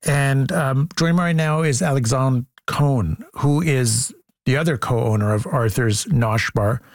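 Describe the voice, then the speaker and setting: A man hosting a call-in radio show, brisk and measured as he reads phone numbers and takes calls. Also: medium pitch, dry recording, clean studio sound. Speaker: radio talk show host. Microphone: studio mic.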